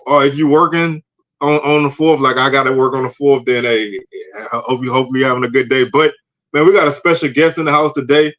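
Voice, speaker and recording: A man's voice: mid-range voice, pushed and bright. A man hosting a casual online show, laid-back and dropping "man" into his sentences. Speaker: host. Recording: dull lo-fi audio.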